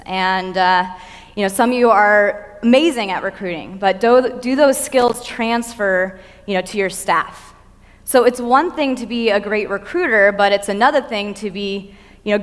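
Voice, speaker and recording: A woman's voice: medium pitch, fairly bright tone. A woman giving an earnest conference talk on training staff, teaching with frequent fillers while feeling cold. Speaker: conference speaker. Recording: long hall reverb.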